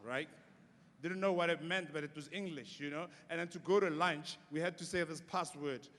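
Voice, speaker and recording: Young south african man, a comedian on stage, fairly high voice, long hall echo. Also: normal speed. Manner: animated storytelling that acts out voices. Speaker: stand-up comedian. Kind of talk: stand-up comedy. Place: large conference hall.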